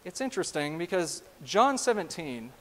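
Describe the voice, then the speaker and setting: Guy pastor preaching, kinda high voice, lots of church reverb. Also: normal speed. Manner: animated, asks the congregation direct questions. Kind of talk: sermon. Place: church sanctuary.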